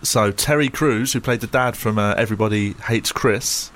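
A man co-hosting a radio show in a studio, chatting in a relaxed, jokey way and laughing often. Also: lowish voice, normal speed. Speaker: radio co-host. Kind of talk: casual comedic chat. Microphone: studio mic with headphones.

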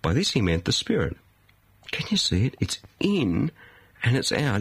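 A man preaching a sermon from a studio, emphatic, pausing for effect and asking rhetorical questions. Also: medium pitch, wildly swooping pitch, vocal fry, slightly rough.

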